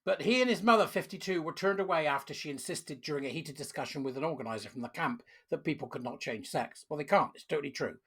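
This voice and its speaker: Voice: mid-range voice, fast talker, hardly any pauses, fairly bright tone, slightly rough. A furious commentator, ranting emphatically while reading out and reacting to a news story. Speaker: online commentator. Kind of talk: angry opinion rant to camera.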